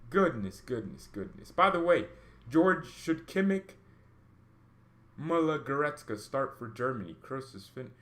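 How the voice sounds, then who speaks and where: A man hosting a football livestream, chatting casually and rambling with excited exclamations, coughing now and then. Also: medium pitch, measured pace. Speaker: football channel host.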